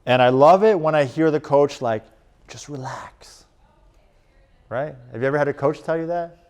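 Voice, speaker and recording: A man coaching a live audience in a casual, animated presentation. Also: on the high side, fast talker, clear, resonant tone. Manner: casual and animated, lots of "like" and "right?". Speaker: strength and performance coach. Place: conference room.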